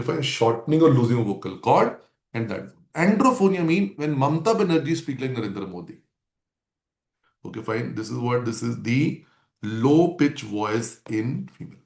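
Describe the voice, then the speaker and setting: In an echoey lecture room, a medical lecturer teaches a class, repeating key terms to drill them in. His voice is medium-pitched, gravelly and darkish.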